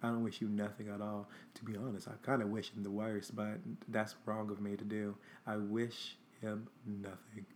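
A man's voice: on the low side, little pitch movement, normal speed, hardly any pauses, slight background noise. Chatty young man telling a story. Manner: chatty, blunt and profane, acting out texts. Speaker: host. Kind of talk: casual storytime monologue.

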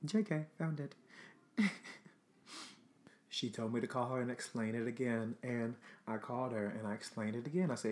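A man casually recounting a personal story as a podcast host, chatty and animated, full of filler words and swearing. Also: medium pitch, normal speed.

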